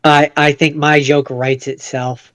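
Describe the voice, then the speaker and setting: A man co-hosts a casual podcast with a smooth, fairly high voice. He speculates aloud, repeating words as he works through ideas, recorded on a dry mic. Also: little pitch movement, unhurried, fairly bright tone, dry recording. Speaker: podcast co-host. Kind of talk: casual chat.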